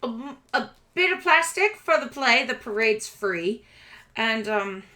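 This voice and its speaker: A woman's voice: a little high, animated, measured pace, sharp tone, pitched above the performer's own voice. A woman voicing a small, round, showy rat boy who boasts like an eager young performer. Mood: chatty. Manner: boastful, eager showman patter.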